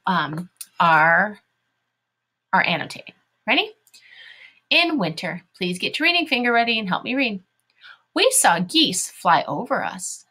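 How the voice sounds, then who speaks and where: A woman's voice: medium pitch, pushed and bright. A woman teaching a phonics lesson to young children, spelling words out letter by letter and sounding them out in an encouraging way.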